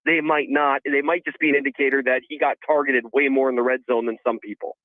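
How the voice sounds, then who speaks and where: Chatty guest on a thin phone line. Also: male voice, medium pitch, fairly even intonation, fast talker, no echo. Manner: easygoing, laughs, chatty. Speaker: guest analyst on call. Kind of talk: casual phone interview.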